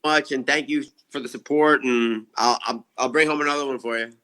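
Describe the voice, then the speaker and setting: Man guest, fast, bright voice, friendly, upbeat. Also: mid-range voice, steady tone. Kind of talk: casual chat.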